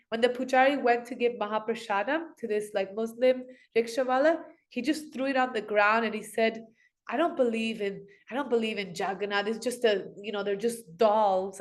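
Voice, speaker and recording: A woman casually telling devotional stories to children, acting out the characters' lines with lively jumps in her voice. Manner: animated, acts out quoted voices with big pitch jumps. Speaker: storyteller for children.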